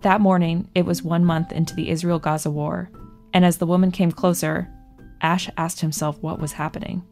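A woman calmly narrating a scripted piece of narrative journalism. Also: fairly low pitch, moderate pace, soft background music.

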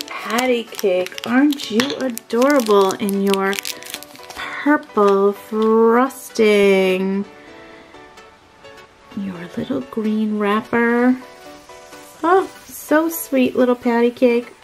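A woman's voice: fairly high pitch, very slow, faint music behind, rough recording. A woman narrating a toy unboxing in a sweet, gushing, sing-song way.

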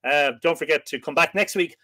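A man's voice: fairly high pitch, brisk. An Irish man hosting a casual live-stream chat, joking and laughing often as he tells stories. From Ireland. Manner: jokey, laughing often, lively storytelling. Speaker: podcast host.

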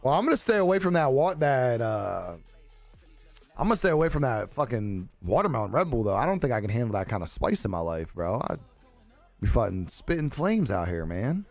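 A young man with a medium-pitched, sing-song voice speaks briskly on a live stream, chatting casually with viewers. He's laid-back and joking, swearing freely and laughing often, recorded dry and close-miked with faint music in the background.

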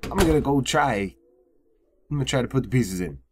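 A man's voice: mid-range voice, expressive, a little fast, noisy background. A young man commentating casually on a horror game, swearing often and getting exasperated. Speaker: gamer. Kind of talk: let's play commentary.

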